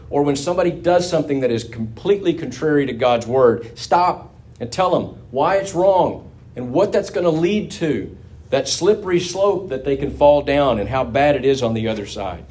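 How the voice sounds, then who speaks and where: A man's voice: mid-range voice, darkish tone. Man preaching a conversational sermon. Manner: conversational, folksy storytelling with asides.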